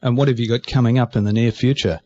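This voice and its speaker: Husky-voiced radio host. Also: male voice, mid-range voice, steady tone, a little mellow. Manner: polite, measured interviewer. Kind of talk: radio interview. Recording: dull lo-fi radio sound.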